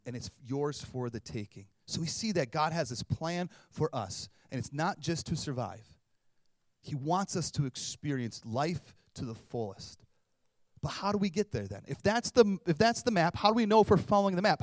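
A man's voice: medium pitch, no room sound, clean studio sound. A man in his thirties, a pastor, preaching a casual, conversational sermon and acting out little voices. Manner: conversational, animated, acts out voices.

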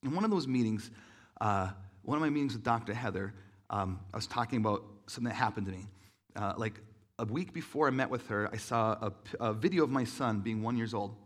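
A man's voice: on the low side, brisk. A man in his thirties telling a personal story in an earnest, emotional sermon, with many restarts and fillers.

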